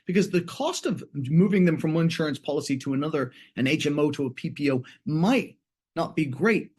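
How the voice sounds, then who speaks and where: Animated man giving a training talk. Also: fairly high pitch, husky. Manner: animated, acts out dialogue in different voices. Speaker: webinar presenter, law teacher. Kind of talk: conversational training talk with acted examples.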